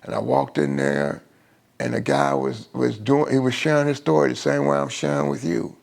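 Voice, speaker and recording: A middle-aged man sharing his recovery story in an emotional personal testimony on a live stream, halting often and restarting his sentences. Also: mid-range voice, creaky, darkish tone. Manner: halting, with many restarts and fillers.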